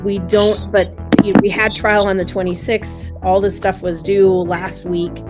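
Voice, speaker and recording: A woman's voice: mid-range voice, flat delivery, measured pace, over loud music. A woman judge speaking firmly and sternly in a court hearing, scolding a party for interrupting.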